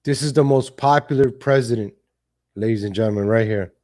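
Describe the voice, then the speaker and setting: A man's voice: mid-range voice, brisk, darkish tone. A man hosting a live stream, giving blunt, casual political commentary with cursing and frequent laughs. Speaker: livestream host.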